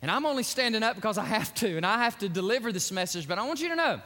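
Male pastor, folksy sermon storyteller, high bright voice, echoey sanctuary. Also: animated. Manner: folksy storytelling, quick to laugh. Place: church sanctuary.

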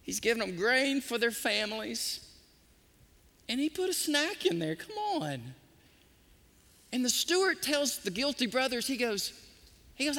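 A man preaching a sermon as pastor, with an animated delivery. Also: extremely high pitch, a little slow, long pauses, long reverb tail. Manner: animated preaching, sometimes softly sings hymn lines.

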